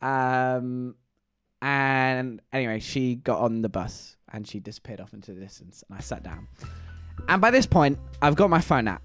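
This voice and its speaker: A man's voice: mid-range voice, animated, normal speed, a bit bright, dry recording, faint music behind. A young man telling a rambling, chatty story to his viewers. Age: young adult. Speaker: vlogger.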